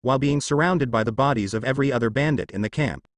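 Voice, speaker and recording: A man's voice: medium pitch, fast talker, no room sound, studio quality, close to an everyday voice. A man voicing a composed masked ninja woman. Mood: respectful report. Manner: polite, reporting, a bit evasive.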